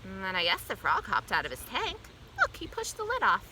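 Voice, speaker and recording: A woman's voice: mid-range voice, wildly swooping pitch, brisk, bright, forceful tone, a little hiss or hum, heavily acted, low-quality recording. A woman reading aloud, voicing a good-natured man who is a school principal, chuckling and easygoing. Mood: musing.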